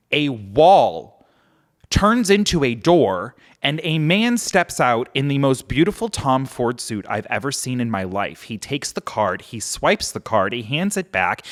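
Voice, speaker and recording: A man's voice: mid-range voice, measured pace. A man, a podcast guest telling a story casually and animatedly, acting out quotes. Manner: animated, acts out quotes, many "like" fillers.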